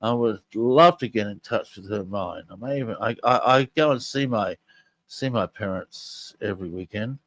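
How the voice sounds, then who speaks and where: A man's voice: lowish voice, normal speed. An older man hosting a podcast, chatting casually and eagerly to listeners as he presents audio clips. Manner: chatty and enthusiastic, talking straight to listeners. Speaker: podcast host.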